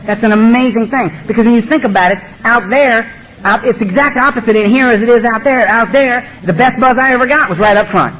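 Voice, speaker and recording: A man tells his story at a recovery meeting in a blunt, streetwise, emphatic way. His voice sits high and moves quickly. The sound is dull and lo-fi, with faint noise. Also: fairly bright tone. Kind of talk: personal testimony talk. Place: meeting room. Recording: dull lo-fi recording.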